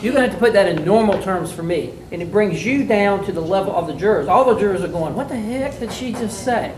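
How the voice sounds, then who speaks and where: A man's voice: high voice, animated, fast talker. A middle-aged man with a drawl, critiquing mock trial students as a judge. He coaches in a folksy, blunt, joking way. He is heard from a distance in an echoey room with a faint background hiss. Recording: echoey room, mic far off, faint noise.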